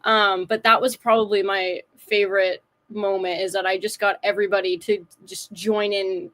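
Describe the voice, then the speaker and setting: A woman chatting on a podcast, telling an animated story and acting out what people said. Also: medium pitch, moderate pace. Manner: animated storyteller, acts out quotes. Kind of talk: casual podcast chat.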